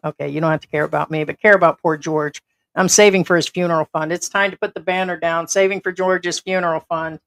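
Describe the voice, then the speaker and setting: A middle-aged woman from the United States hosts a casual livestream from home, rambling and blunt and swearing casually. Her voice sits on the low side, with a steady, fairly bright tone and a quick pace.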